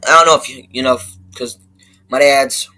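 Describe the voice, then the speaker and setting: A man giving a rambling, profane movie review rant that keeps flaring up into loud outbursts. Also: medium pitch, fairly even intonation, moderate pace, noisy background.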